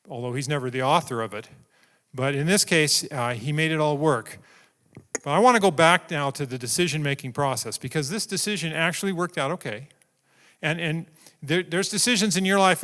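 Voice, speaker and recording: A man preaching a sermon, telling a story in an animated way and acting out its scenes. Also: on the high side. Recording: long reverb in a large hall.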